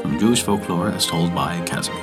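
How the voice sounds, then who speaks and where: A man narrating a folk tale in a measured, expressive storytelling manner, as host of a story podcast. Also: deep voice, loud music behind the voice. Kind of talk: scripted narration.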